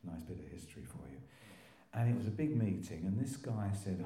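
An older Englishman tells his recovery story in a rambling personal testimony, with restarts and little laughs. His deep, mellow voice is lively in intonation, a little fast, and sounds reverberant.

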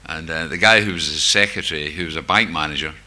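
A very deep voice, quick, pushed and bright, belongs to an older man with a Glasgow-area Scottish accent. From near Glasgow, he tells a group his recovery story frankly, with dry humor aimed at himself.

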